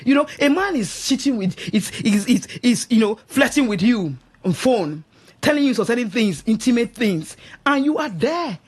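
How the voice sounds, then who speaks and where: A woman's voice: on the high side, lively intonation, moderate pace, breathy edge. A middle-aged Nigerian woman giving emphatic, sermon-like marriage advice on a radio show, often asking listeners if they understand. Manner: emphatic, exhorting, keeps asking "do you understand?". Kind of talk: preachy radio advice talk. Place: radio studio.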